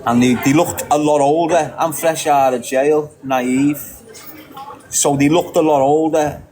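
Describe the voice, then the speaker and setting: A man's voice: a little high, steady tone, a little slow, darkish tone, rough recording. A middle-aged man from England with a Liverpool accent, ranting emphatically as a podcast guest, repeating himself and laughing briefly. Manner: emphatic and repetitive, with short laughs. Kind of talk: ranting monologue.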